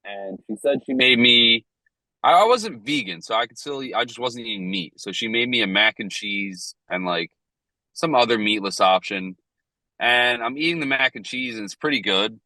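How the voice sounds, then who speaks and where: A man's voice: mid-range voice, expressive, normal speed, sharp tone, no echo, low-quality recording. A man co-hosting a casual podcast, telling stories in a loose, profane way. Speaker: podcast co-host.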